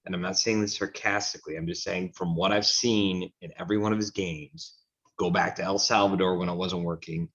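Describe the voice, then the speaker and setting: A man's voice: sits low, steady tone, fairly quick, a bit bright, lo-fi sound. A man co-hosting a soccer talk show, giving frank, opinionated takes in a rambling casual way. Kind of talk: casual sports chat.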